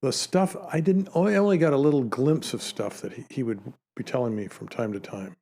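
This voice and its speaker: A man's voice: mid-range voice, fairly quick, a little mellow. A man co-hosting a casual podcast, chatty and full of wry interjections. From Canada. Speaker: podcast co-host.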